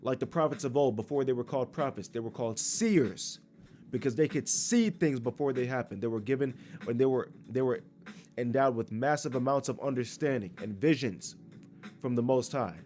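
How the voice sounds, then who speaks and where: A man's voice: mid-range voice, moderate pace, darkish tone, soft background music. Blunt, profane preaching man. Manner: blunt, crude, scolding, reads verses aloud. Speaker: street preacher. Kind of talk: profane scripture commentary.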